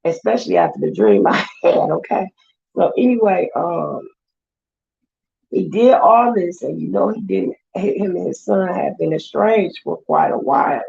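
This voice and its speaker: A woman vlogger, casually retelling a story with lively quoted voices. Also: lowish voice, moderate pace, vocal fry, lo-fi sound.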